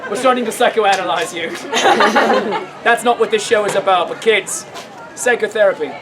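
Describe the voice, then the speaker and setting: High-voiced man hamming up comic narration. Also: normal speed. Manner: playful, teasing, breaks into shouted outbursts. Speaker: street theatre performer. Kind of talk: comic narration of an audience-participation show. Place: outdoor festival stage. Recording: loud outdoor crowd and noise.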